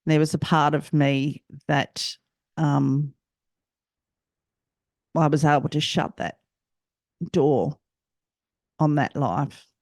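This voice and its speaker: An Australian woman hosting a personal storytelling podcast, speaking reflectively and haltingly and often repeating herself. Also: low-pitched, fairly even intonation, a little mellow, no echo, studio quality. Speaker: podcast host.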